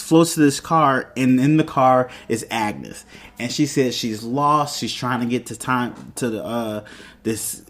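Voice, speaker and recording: A man hosting a review show, casually recapping an episode and acting out the characters' lines with many fillers. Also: mid-range voice. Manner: chatty, retells scenes by playing the characters' lines, many fillers.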